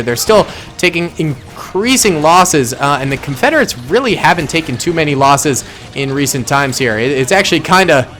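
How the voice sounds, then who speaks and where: A man talks through a battle simulation in casual gameplay commentary, thinking aloud and correcting himself as he goes. His voice sits fairly high for a man. He reacts quickly to what he sees. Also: fairly bright tone. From suburban Massachusetts. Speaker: gaming channel host.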